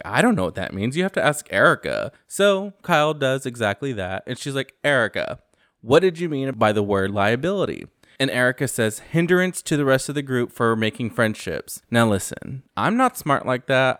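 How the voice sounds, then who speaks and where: A man's voice: medium pitch, a bit bright, no room sound. Host type, guy, chatty and sassy, recap commentary, dry close sound. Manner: chatty and sassy, quoting cast members.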